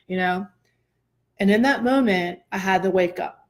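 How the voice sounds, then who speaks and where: A woman host telling a personal story in a casual chat, animated and expressive, often laughing. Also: medium pitch, moderate pace.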